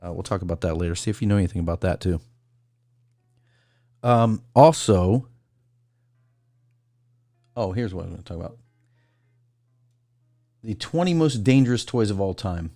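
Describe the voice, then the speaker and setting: A man's voice: deep voice, expressive, moderate pace, long pauses, warm tone, no echo, clean studio sound. A man hosting a casual call-in livestream, rambling through a list and greeting viewers by name. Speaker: call-in show host.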